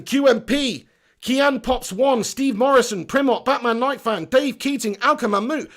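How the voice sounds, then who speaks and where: A young man hosting a fan livestream, talking bluntly and swearing freely while joking and reading out viewers' comments. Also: high voice. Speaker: fan channel livestream host. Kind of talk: casual livestream chat.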